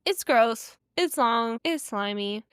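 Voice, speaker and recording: A woman's voice: a little high, lively intonation, slow, fairly bright tone, clean tone, no room sound, clean studio sound. A young woman hosting a podcast, casually retelling an episode with slangy, opinionated asides. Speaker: podcast host.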